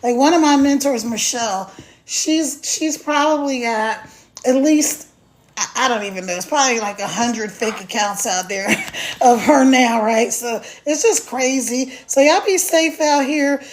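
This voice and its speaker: A woman's voice: high-pitched, a little slow, slight background noise. A woman hosting a casual phone live stream, chatty and repetitive, greeting viewers by name. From United States. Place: mountains of Virginia.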